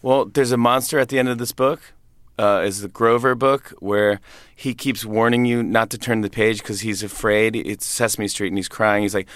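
A man's voice: on the low side, steady tone, moderate pace, a bit bright, no echo, studio quality. A man in his thirties, a comedian, chatting in an interview, laughing often and acting out voices in his stories. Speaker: comedian and guest. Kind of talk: interview conversation.

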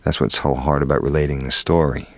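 A middle-aged actor telling an interviewer a candid story, halting with fillers and restarts. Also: male voice, rumbling low, level tone, dry recording. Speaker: actor guest.

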